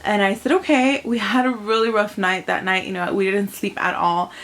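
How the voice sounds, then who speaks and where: A woman's voice: medium pitch, fairly even intonation, normal speed, fairly bright tone. A young woman vlogging to camera as a mom, retelling a personal experience in a chatty, emotional way, with lots of fillers. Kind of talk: casual vlog monologue.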